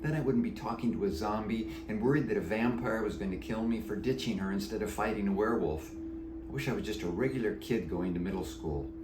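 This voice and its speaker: A man, the author, reading his book aloud in an animated, playful storybook narration. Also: lowish voice, fast, background noise. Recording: echoey room.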